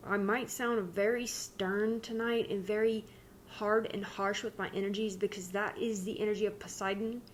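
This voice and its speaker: A woman's voice: mid-range voice, fairly even intonation, normal speed, a little hiss or hum. Candid rambling woman channeler. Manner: candid, rambling, self-interrupting. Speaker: spiritual channeler. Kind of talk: casual spiritual talk.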